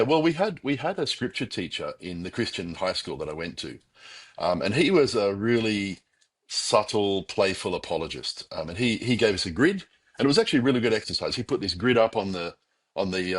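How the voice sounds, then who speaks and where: Middle-aged Australian man, husky and lowish, reflective storyteller in interview, animated, self-interrupting. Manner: reflective, animated, frequent restarts and quoted inner voices. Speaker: podcast guest.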